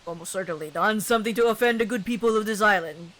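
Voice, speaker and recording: A woman's voice: mid-range voice, fast, a bit bright, natural voice. A young woman reading a theatrical, pompous middle-aged man who fancies himself a detective, with a grandiose put-on British lilt. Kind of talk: reading game dialogue aloud.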